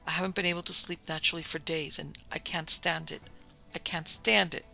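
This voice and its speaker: A man's voice: a little high, level tone, a little fast, gravelly, pushed and bright, faint music behind, exaggerated voice, rough recording. A man reading the part of a sleepless man near breaking point, pleading desperately.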